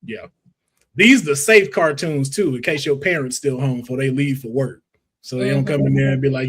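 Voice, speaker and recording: A man hosting a casual panel discussion, walking through guests' picks in a lively way. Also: medium pitch, normal speed, breathy edge. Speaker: podcast host.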